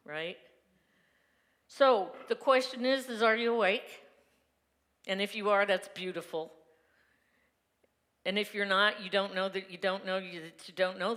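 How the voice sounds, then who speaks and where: A woman minister's medium-pitched, slightly bright voice fills a reverberant sanctuary hall. Her Sunday sermon is a personal testimony, open and conversational, punctuated by frequent laughter.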